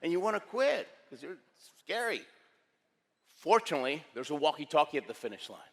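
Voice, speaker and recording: A man in his sixties delivering a motivational keynote with punchy, dramatic storytelling. His voice sits a little high for a man, and it rings with a long reverb from a large hall. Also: big pitch swings, fast talker, gravelly.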